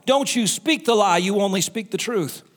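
A man preaching a sermon as pastor, animated and acting out the quotes he tells. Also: high voice, normal speed. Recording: roomy hall with music behind.

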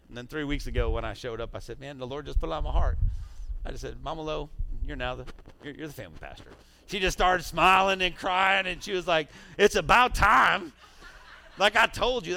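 Lively, bright-voiced male pastor preaching. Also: medium pitch. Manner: animated, swings between loud urging and quiet asides. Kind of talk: sermon. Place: church sanctuary.

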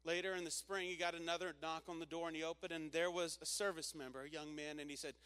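A man's voice: fairly high pitch, level tone, fast, bright, forceful tone, clear, resonant tone. A man preaching a sermon, telling a story and calling on the congregation to repeat phrases back. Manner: storytelling, call-and-response with congregation. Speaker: pastor.

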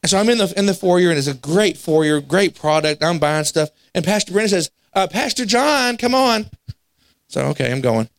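Animated preacher with a higher voice. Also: male voice, fairly quick, few pauses, no room sound. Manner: animated, acts out quoted voices, laughs at himself. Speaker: pastor. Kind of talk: storytelling sermon. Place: church sanctuary.

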